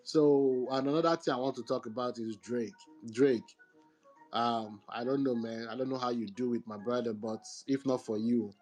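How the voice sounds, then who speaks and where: A man's voice: medium pitch, steady tone, normal speed, darkish tone, soft background music. A man speaking in a casual online talk, earnest and rambling with hesitant fillers. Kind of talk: casual chat.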